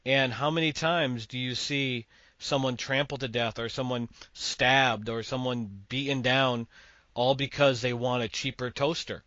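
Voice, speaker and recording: A man's voice: mid-range voice, fairly even intonation, unhurried, pushed and bright, dry recording, lo-fi sound. A man from Massachusetts hosting a podcast, giving opinionated, rambling movie takes. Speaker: podcast host. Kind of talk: casual movie chat.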